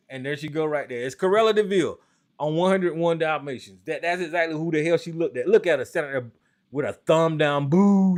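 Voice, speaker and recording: Call-in host, male, slightly high voice, AAVE, heated cursing rant. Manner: animated, cursing, talks to viewers while searching online. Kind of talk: profane political rant.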